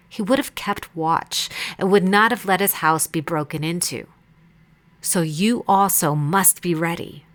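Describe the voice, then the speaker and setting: A woman reading Bible passages aloud in a measured, deliberate way. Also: lowish voice, fairly bright tone. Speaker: Bible reader. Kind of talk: scripted scripture reading.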